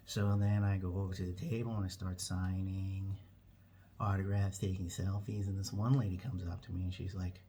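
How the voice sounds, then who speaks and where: A man telling a comic story, animated and acting out every character. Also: sits low, moderate pace, slight background noise. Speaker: comedian.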